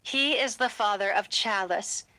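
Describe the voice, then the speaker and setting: A woman's voice: mid-range voice, a little slow, bright, forceful tone. A woman voicing a cold, proud werewolf matriarch who speaks in a composed, defensive way.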